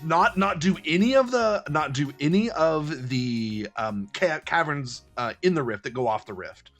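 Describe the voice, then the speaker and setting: A man's voice: fairly high pitch, unhurried, faint music behind. A man co-hosting a casual podcast about a tabletop game module, rambling and laughing often. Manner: rambling, animated, laughing a lot. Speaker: podcast co-host. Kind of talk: casual chat about a role-playing module.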